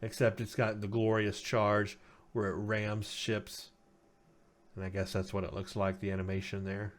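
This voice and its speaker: A man's voice: fairly low pitch, completely flat delivery, moderate pace. A man hosting a casual game news update who sounds tired and says he is losing his voice, talking with many ums and uhs as he reads out stats. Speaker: gaming news host.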